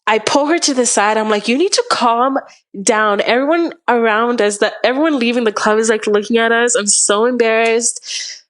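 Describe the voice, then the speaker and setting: A woman's voice: fairly high pitch, a little fast. A young woman from Canada, a podcast guest, telling a long story in a rambling, casual way, full of "like" and acted-out quotes. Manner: rambling, heavy use of "like", acts out quotes.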